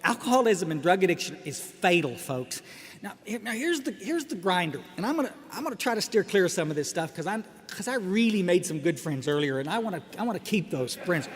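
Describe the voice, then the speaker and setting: A man's voice: sits high, big pitch swings, a little fast, soft background music. A middle-aged man giving a humorous personal talk at a recovery meeting, wry and joking, often restarting his sentences and making asides to the crowd. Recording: echoey hall with faint background noise.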